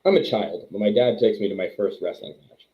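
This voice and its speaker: Speaking briskly in a lowish voice, the thirty-something Quebec wrestler and trainer rambles through self-deprecating anecdotes as a guest in a casual interview. The audio sounds tinny, like a phone call.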